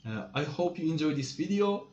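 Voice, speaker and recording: A man teaching a French lesson in English. He explains slowly, with many "uh" pauses, and stresses each English meaning. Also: a little high, animated, darkish tone, dull audio. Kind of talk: slow, hesitant lesson explanation. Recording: echoey room with faint typing noise.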